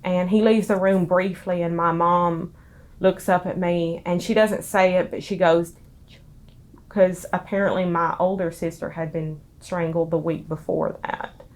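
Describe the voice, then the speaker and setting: A young woman with a Southern US accent speaks through tears in a quiet, halting way, pausing and restarting often. Her voice sits low and moves little in pitch, giving a flat, subdued delivery. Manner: halting, soft-spoken, many pauses and restarts. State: crying. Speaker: interviewee. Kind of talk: emotional personal testimony.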